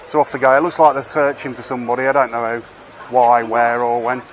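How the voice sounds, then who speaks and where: A man's voice: mid-range voice, flat delivery, brisk, a little hiss or hum. A man giving casual, rambling commentary while walking outdoors through town streets, wry and swearing now and then, recorded on a camera he carries. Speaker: street vlogger.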